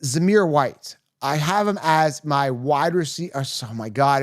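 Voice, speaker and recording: A fairly high-voiced man runs a late-night livestream Q&A, tired and running on fumes. He rambles fast through viewer questions, restarting sentences and tacking on "okay?". The sound is close and dry. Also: dry recording. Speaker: fantasy football livestream host. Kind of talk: casual livestream Q&A.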